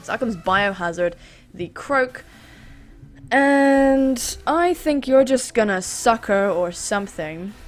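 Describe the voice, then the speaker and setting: A woman hosting a gaming channel, chatting through a live battle in a self-deprecating way. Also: medium pitch. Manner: chatty, self-deprecating, sudden excited screams.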